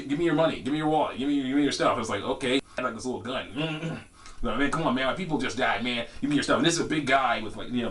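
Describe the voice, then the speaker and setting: A young man telling a story in a casual vlog, rambling and laughing often, jumping into high voices for quotes. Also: a bit bright. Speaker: vlogger. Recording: distant from the mic.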